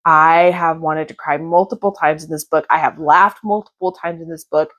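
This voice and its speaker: Chatty mom book vlogger, a little low. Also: female voice, steady tone, moderate pace, a bit bright. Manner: chatty, gushing, rambling. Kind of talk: casual reading vlog.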